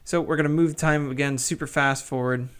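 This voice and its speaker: A man's voice: a little high, steady tone, a little fast, a bit bright, clean tone. A man giving casual, wry play-by-play commentary on a strategy game he is playing. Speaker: gaming channel host.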